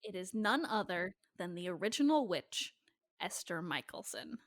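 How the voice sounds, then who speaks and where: A woman's voice: fairly low pitch, sing-song, normal speed, dry recording, clean studio sound. A young woman co-hosting a podcast, chatting casually and profanely about a TV show and laughing often. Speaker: podcast co-host. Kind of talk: casual recap chat.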